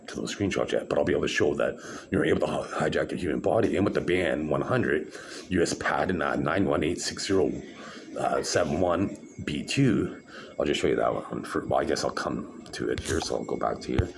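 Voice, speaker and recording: A very deep-voiced man vlogging from his own space, his words coming in fits and starts with lots of uh's and doubled-back phrases. He sounds aggrieved and keeps circling back to his point. A faint hiss sits under the voice. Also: gravelly. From Canada. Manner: aggrieved, halting, many fillers and restarts. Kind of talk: rambling monologue to camera.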